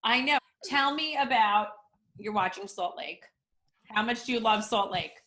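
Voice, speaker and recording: A woman hosting a podcast in casual chat, blunt and gossipy, telling stories with lively quoted asides and the odd swear word. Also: on the high side, unhurried. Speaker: podcast host.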